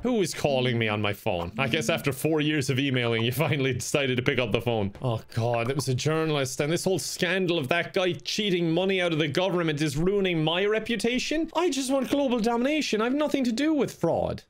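A man's voice: on the high side, a little fast, hardly any pauses, faint music behind. A man giving jokey gameplay commentary, laughing often and muttering his reactions. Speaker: gaming video creator.

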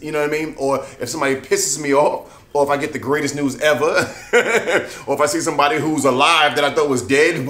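A man's voice: mid-range voice, fairly bright tone. A man giving a casual singing lesson, chatting with easy laughs and often asking "you know what I mean?". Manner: laughs between points. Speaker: singing teacher. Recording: echoey room.

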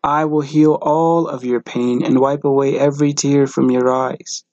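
A man's voice: medium pitch, little pitch movement, normal speed, a little mellow, no room sound, lo-fi sound, lightly acted. Man reading Jesus: earnest, pleading divine savior, mid voice, dry close sound. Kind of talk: devotional message reading.

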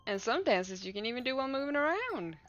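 A woman's voice: sits high, sing-song, fast talker, lo-fi sound, pitched above the performer's own voice. A woman streamer reading a dance-loving game character's lines in an enthusiastic, coaxing way. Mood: encouraging. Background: faint game music.

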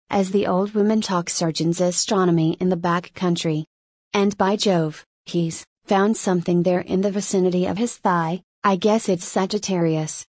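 A woman's voice: on the low side, a little mellow, no room sound. A woman reading the part of a jaunty male sailor who rambles wryly to himself in an audiobook. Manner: wry, rambling soliloquy.

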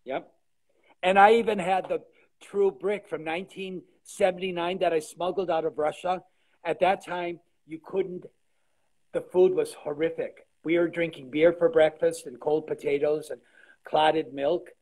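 A man in his sixties, a guest artisan, chatting on a video call and telling lively stories with trailing restarts. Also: fairly high pitch, measured pace, rough recording. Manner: animated storyteller, trailing restarts. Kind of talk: casual interview chat.

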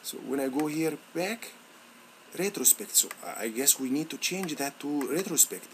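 A male instructor walking students through a software lab on screen, halting and encouraging, with many fillers and restarts. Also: fairly high pitch, animated, a little hiss or hum. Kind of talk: screen-recorded software tutorial.

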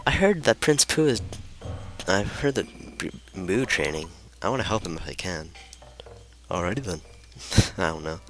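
A man giving casual let's play commentary from a room at home, joking, swearing freely and talking somewhat hushed. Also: deep voice, expressive, normal speed, faint music behind. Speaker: gamer.

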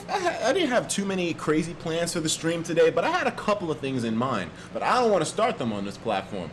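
A man chatting casually on a live stream, profane and animated, reading out viewer donations with sudden loud jumps in pitch. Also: brisk, a little hiss or hum. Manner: reads viewer donations aloud.

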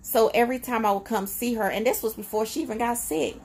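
A woman's voice: on the high side, steady tone, fast talker, a little mellow, breathy edge. A woman talking in a casual, reflective personal vlog, conversational and emotional, with frequent fillers. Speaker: vlogger.

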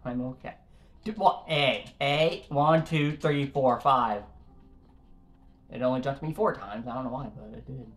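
A man's voice: mid-range voice, unhurried, fairly bright tone. A young man commentating his own gameplay, frustrated and swearing at the game as he keeps failing jumps. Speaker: gaming YouTuber. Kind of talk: let's play commentary.

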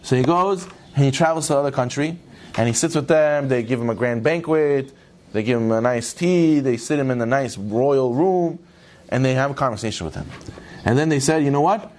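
A man giving a Torah class who tells a parable in an animated way and closes with Hebrew phrases. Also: medium pitch, a little fast. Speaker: Torah teacher.

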